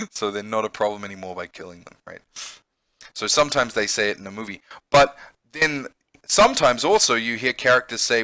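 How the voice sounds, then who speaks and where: A man with a bright, forceful tone teaching English vocabulary in a patient, explaining way. He keeps checking in with a quick "okay?" as he goes. The sound is dry, with almost no room around it. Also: on the low side, dry recording. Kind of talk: vocabulary lesson.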